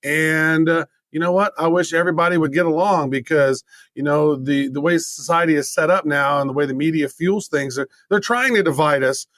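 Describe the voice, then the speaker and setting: A podcast co-host rambles along in easygoing banter, sometimes slipping into playful mock voices. His fairly high voice is fairly bright and a little fast, and the recording has no echo.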